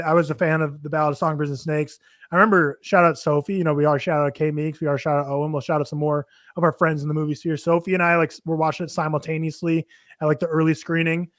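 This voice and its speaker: A man's voice: a little high, fairly bright tone, no echo, clean studio sound. A man hosting a casual movie podcast, running animatedly through film news. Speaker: podcast host.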